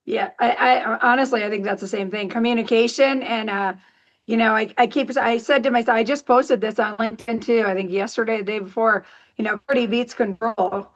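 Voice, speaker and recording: A woman's voice: a little high, fairly even intonation, fairly quick, lo-fi sound. A woman being interviewed on a podcast as a company executive, chatty and upbeat in her talk. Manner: upbeat, chatty, laughs easily.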